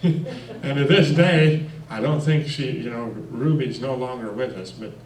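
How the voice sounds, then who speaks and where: A man spins folksy personal stories at a church, chuckling between lines. He sits at a middle pitch. His voice carries from a distance in a reverberant room, with a faint hum of ambience behind him. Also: measured pace. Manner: folksy, lively anecdotes with chuckles and fillers. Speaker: guest speaker. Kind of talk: personal storytelling talk. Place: church hall. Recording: echoey room, mic far off.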